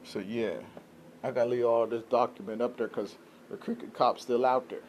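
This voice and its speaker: A man's voice: mid-range voice, fairly even intonation, normal speed, a little mellow, slight background noise. A man talking straight to his camera in an unscripted vlog, venting in a rambling, aggrieved way and often checking in with his listeners. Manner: rambling, aggrieved venting, keeps asking "you know what I'm saying". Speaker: vlogger.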